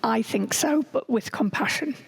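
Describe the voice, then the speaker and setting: A middle-aged woman with a slightly raised pitch speaks as a guest on an interview podcast. She tells earnest workplace stories, sometimes acting out what people said. Her voice stays steady and sincere. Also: moderate pace, gravelly, breathy edge, low-quality recording. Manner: earnest, acts out quoted dialogue. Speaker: school principal, guest. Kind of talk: podcast interview, anecdotal storytelling.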